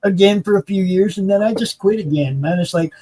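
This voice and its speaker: A man's voice: sits high, fairly quick, dark tone, slight background noise. A middle-aged man chatting casually on a livestream panel, telling rambling, profane anecdotes. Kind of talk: casual chat.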